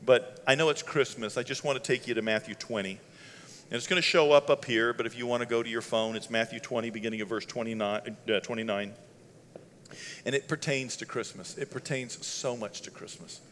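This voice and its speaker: A pastor preaching a holiday sermon. He talks in a conversational way, laughs between lines and sometimes builds to loud shouting. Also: medium pitch, steady tone, fairly quick. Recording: long hall reverb.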